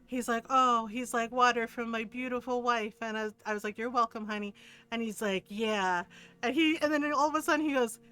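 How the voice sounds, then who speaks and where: A woman's voice: on the high side, fairly quick, sharp tone, clear, resonant tone. A middle-aged woman streamer chatting casually with viewers, telling a story animatedly, quoting others and laughing often.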